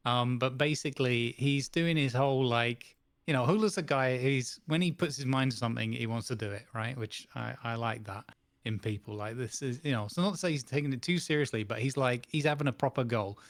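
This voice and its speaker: A man's voice: medium pitch, brisk, no room sound. A man with a mid-range voice tells an anecdote on a podcast, dry and close to the mic. He teases in a wry, easygoing way. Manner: wry, teasing storyteller. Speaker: podcast co-host. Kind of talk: casual podcast chat.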